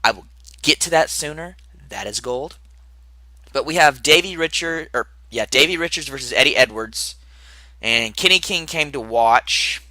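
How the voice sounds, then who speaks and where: A man's voice: mid-range voice, animated, normal speed, bright, forceful tone, no room sound. A young man recapping a wrestling show in a casual, rambling podcast style, with asides and muttered remarks.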